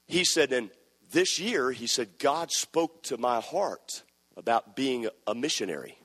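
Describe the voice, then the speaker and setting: A man preaching a sermon, telling stories and building from quiet narration to loud exhortation. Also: expressive, unhurried. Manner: builds from low conversational storytelling to shouted exhortation. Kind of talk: sermon with storytelling. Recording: long hall reverb.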